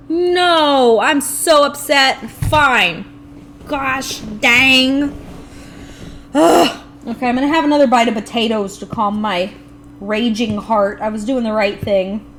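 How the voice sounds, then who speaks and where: A young woman streaming a video game live, talking to herself and her chat in an animated, playfully grumbling way. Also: fairly high pitch, a little hiss or hum. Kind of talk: live gameplay commentary.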